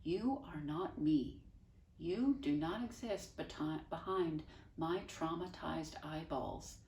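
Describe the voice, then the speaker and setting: A woman's voice: deep voice, takes it slowly, a little mellow. A woman reading aloud as a gloomy, formal boy who speaks in long, self-pitying sentences. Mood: mournful, formal. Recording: echoey room, voice from far off.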